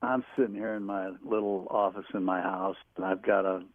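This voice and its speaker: A man's voice: low voice, fairly even intonation, fairly quick, no echo. A man in his home office calling in to a radio talk show, telling long rambling stories with many restarts. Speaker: guest telling stories, former team staffer. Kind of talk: phone-in radio interview, anecdotes. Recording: tinny phone line.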